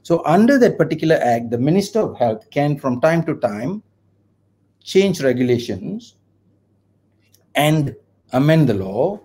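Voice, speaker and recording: A man's voice: fairly high pitch, very animated, a little slow, pauses often, dark tone, breathy edge. Impassioned Malaysian English man. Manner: impassioned, ranting, argumentative. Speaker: lawyer and writer guest. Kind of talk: online video interview.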